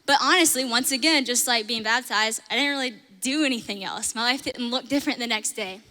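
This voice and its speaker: A young woman sharing a personal faith testimony, earnest and animated, with lots of "like". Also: a little high, brisk, big-room sound. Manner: earnest, animated storytelling with frequent "like". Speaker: host sharing her testimony.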